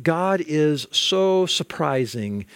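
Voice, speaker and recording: Lively high-pitched male preacher. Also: drawn-out words, smooth, no room sound. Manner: animated, acts out quoted voices, repeats words when starting sentences. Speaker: pastor. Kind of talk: sermon.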